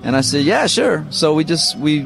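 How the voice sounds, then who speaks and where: A middle-aged man from Missouri, a guitarist guest, telling relaxed, rambling stories full of fillers in an interview. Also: a little high, moderate pace, vocal fry. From Missouri, United States. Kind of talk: casual interview storytelling. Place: radio studio.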